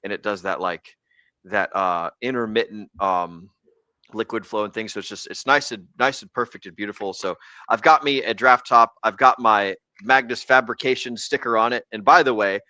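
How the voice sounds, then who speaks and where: A young American man hosts a casual livestream, rambling and cursing as he jokes along. His voice is bright and forceful. The sound is dry and close. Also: fairly low pitch, normal speed, no room sound. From United States. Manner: rambling, profane and jokey. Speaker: podcast host.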